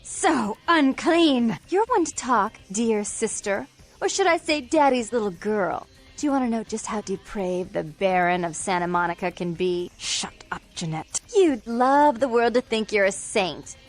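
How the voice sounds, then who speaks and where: A woman's voice: a little high, animated, a little slow, faint music behind. A woman voicing two feuding vampire sisters in a video game, contemptuous and dramatic. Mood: scornful.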